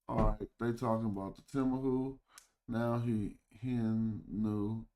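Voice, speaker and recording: A man's voice: lowish voice, fairly even intonation, mellow. Man thinking aloud on a livestream. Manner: thinking aloud, sounding out words slowly. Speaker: livestream host. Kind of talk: casual livestream study talk.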